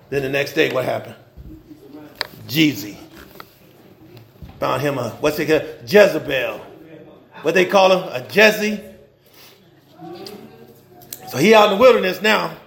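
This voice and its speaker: Male pastor, high gravelly voice, loose slangy sermon in an echoey church. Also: lively intonation, takes it slowly, long pauses, fairly bright tone. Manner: informal preaching with slang and humor, rising and dropping in intensity.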